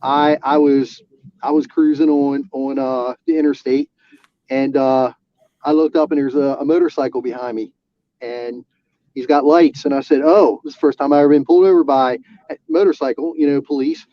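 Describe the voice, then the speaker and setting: A man, an auxiliary police officer, telling a personal story in casual talk, halting with restarts and fillers. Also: medium pitch, steady tone. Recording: dull lo-fi sound.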